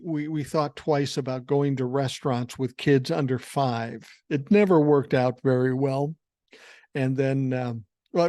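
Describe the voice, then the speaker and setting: A man's voice: medium pitch, darkish tone, dry recording, clean studio sound. A man in his sixties from Minnesota, a podcast host telling family stories in a blunt, profane, wry way. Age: 60s. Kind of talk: casual storytelling. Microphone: podcast microphone.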